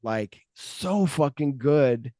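A man hosting a movie podcast, talking casually and jumping into quick impressions of characters as he retells the plot. His voice rises and falls a lot, and the sound is close and dry, with no room echo. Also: medium pitch. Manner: animated retelling, acts out characters' lines; profane, uses fillers like "like". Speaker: podcast host.

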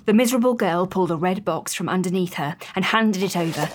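A woman's voice: on the low side, fast talker, slight background noise. Woman narrating a cozy mystery audio drama, dry wit.

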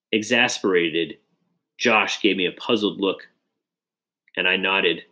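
A man reading a children's adventure story aloud in an expressive, dramatic way. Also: low voice, slow pace, long pauses. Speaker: audiobook reader. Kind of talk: storybook narration.

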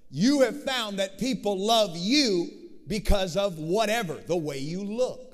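A man preaching a sermon as pastor, swinging from shouted declarations to hushed, intimate passages and calling out to the congregation. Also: sits high, very animated, a little slow, long reverb tail. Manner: dynamic preaching, swings from shouting to hushed tones, rallies the crowd. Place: large church hall.

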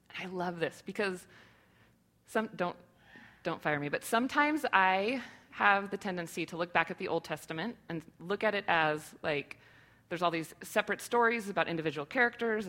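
A woman's voice: on the low side, fairly bright tone. A woman in her thirties giving a sermon to her church, earnest and conversational, with many rhetorical questions. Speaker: church speaker.

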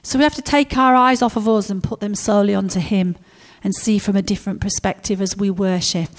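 A woman with a mid-range voice preaches a sermon a little quickly. She tells stories in a lively manner and acts out the characters in them.

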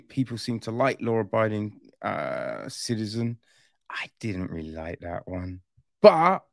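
A man giving a casual film review, chatty and animated, often tagging on quick questions and slang. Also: medium pitch, no echo, clean studio sound.

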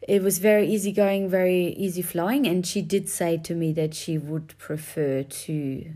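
Australian woman, podcast co-host, lower voice, frank, matter-of-fact, reflective chat. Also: fairly even intonation, moderate pace, mellow. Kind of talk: candid casual chat.

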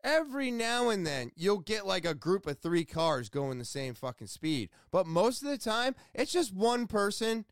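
Excitable, rambling man with a high voice. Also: moderate pace, hardly any pauses, no room sound, clean studio sound. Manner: rambling, excitable, frequent restarts and swearing. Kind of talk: casual storytelling vlog. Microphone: headphones with mic.

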